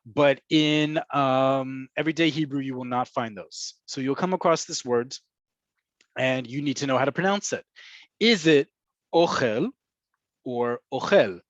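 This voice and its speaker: A man leads an online language lesson, walking learners through words and repeating them slowly. His voice sits at an ordinary middle pitch. The webinar audio is muffled and dry, with no room sound around him. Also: a bit bright, no echo. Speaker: Hebrew teacher. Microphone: computer mic on a video call.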